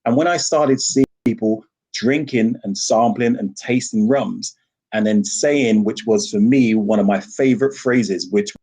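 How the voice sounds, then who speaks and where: An enthusiastic man with a low, husky voice, speaking as a podcast guest over a video call. He tells his stories with lively energy and laughs often. His delivery stays warm-blooded and emphatic. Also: measured pace. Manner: enthusiastic, animated storyteller who laughs often. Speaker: guest, rum ambassador. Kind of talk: podcast interview.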